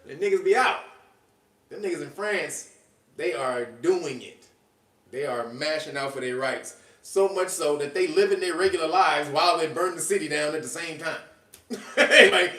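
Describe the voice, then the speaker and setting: A man hosting a podcast in casual commentary, animated and slangy, laughing often. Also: fairly high pitch, moderate pace. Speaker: podcast host. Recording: echoey room, distant from mic.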